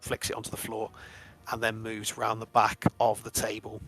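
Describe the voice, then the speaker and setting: A man's voice: fairly low pitch, monotone, moderate pace, fairly bright tone, husky. A man narrating a tabletop game as game master, rambling with many restarts. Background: faint music.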